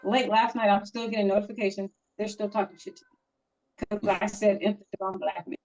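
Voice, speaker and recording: A woman's voice: medium pitch, flat delivery, fast, a little mellow. A woman co-hosting a casual podcast, telling a story in a heated, emphatic way. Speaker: podcast co-host. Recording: dull lo-fi audio.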